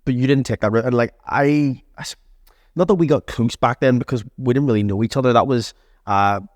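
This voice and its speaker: A man's voice: medium pitch, a little fast, no echo. A man hosting a podcast, chatting easily and drawing out his guest. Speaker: podcast host. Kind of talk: casual chat.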